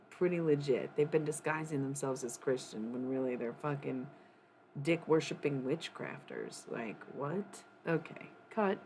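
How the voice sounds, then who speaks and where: A woman's voice: low-pitched, darkish tone, a little hiss or hum. A woman streaming live, ranting in a casual, profane, worked-up way and often laughing.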